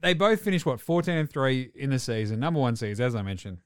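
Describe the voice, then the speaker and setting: A man co-hosting a casual sports podcast, swearing freely and acting out coaches in quick asides. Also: mid-range voice, expressive, clear, resonant tone, no echo, studio quality. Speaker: podcast co-host.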